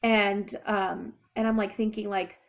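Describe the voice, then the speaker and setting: A young adult woman retelling a personal story in a chatty, rambling, expressive way. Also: medium pitch, measured pace, gravelly. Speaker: vlogger. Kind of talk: casual storytime.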